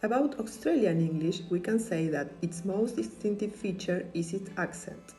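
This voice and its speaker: A woman narrating a lesson on English varieties in a measured, even delivery. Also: medium pitch, soft background music, rough recording. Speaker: English teacher.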